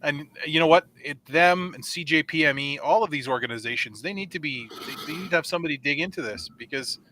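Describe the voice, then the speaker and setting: A man chatting on a political talk show. He speaks bluntly, swears freely and leans on sarcasm. His voice is fairly high and bright with an edge. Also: quick pace, rough recording. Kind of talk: casual political chat.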